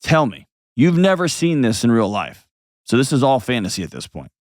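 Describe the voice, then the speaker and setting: A man's voice: mid-range voice, big pitch swings, normal speed, darkish tone, no room sound, studio quality. A man hosting an advice call-in show, talking bluntly and painting vivid scenes as he coaches a caller. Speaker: host.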